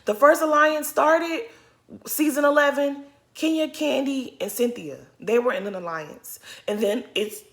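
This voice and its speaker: Young female recap commentator, bright voice, sassy and exasperated delivery. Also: mid-range voice. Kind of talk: casual commentary.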